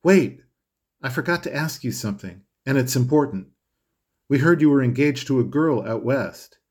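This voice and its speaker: A breezy, teasing rich young woman with a lifted, lively voice, as a male audiobook reader puts her on. She talks in a breathy, animated rush, full of playful insistence. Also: mid-range voice, moderate pace, voice pushed up, lightly acted. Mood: insistent.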